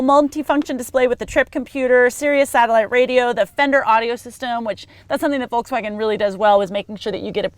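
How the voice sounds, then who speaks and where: A woman's voice: a little high, dry recording. A woman hosting a car review, talking casually and playfully from inside the car. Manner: chatty, playful, upbeat.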